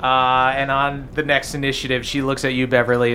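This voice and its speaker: Bright-voiced male game master. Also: medium pitch, fairly quick, hardly any pauses, soft background music. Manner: relaxed, laughing, filler-heavy narration. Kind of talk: narrating a tabletop game.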